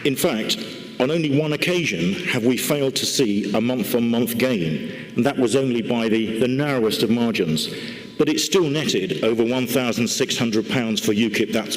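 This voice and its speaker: Measured man speaking in an echoing hall. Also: mid-range voice. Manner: measured, dry humour, deliberate. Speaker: party lottery organiser giving a conference report. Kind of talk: conference speech. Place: large church hall used for a conference. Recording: long hall reverb.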